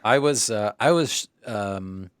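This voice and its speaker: A man co-hosting a casual film podcast, animated and quick to chime in with agreement. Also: on the low side, clean tone, no echo, studio quality. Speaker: podcast co-host.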